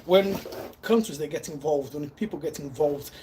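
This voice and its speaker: A man with a Brazilian Portuguese accent speaks his mind in a vlog monologue. He makes his points emphatically, asking questions and then answering them himself. Loud background noise and clicks sit under his voice throughout. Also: fairly high pitch, normal speed. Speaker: vlogger. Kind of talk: opinion monologue to camera.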